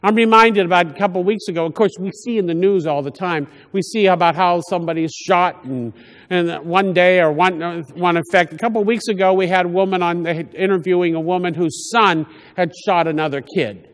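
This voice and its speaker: Delivering a homily, this priest speaks plainly in a high, light voice, frequently breaking off and beginning a thought again. The church lends his speech a long, echoing reverb, and his manner is conversational.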